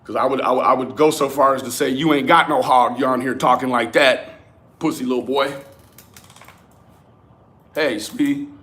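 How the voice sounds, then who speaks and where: A man's voice: mid-range voice, fairly even intonation, normal speed, pauses often, a bit bright. A young man hosting a livestream, ranting profanely and calling out chat commenters by name. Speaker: livestream host.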